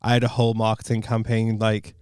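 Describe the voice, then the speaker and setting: A man's voice: fairly low pitch, completely flat delivery, fairly quick, darkish tone, clean tone, no room sound, studio quality. A man co-hosting a podcast as a comedian, chatting casually, laughing often and swearing freely. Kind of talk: casual chat.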